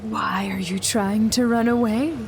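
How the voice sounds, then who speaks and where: A woman voicing the slow, luring voice of an eerie talking ocean in a video game. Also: medium pitch, fairly even intonation, a little hiss or hum, lightly acted. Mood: eerie coaxing.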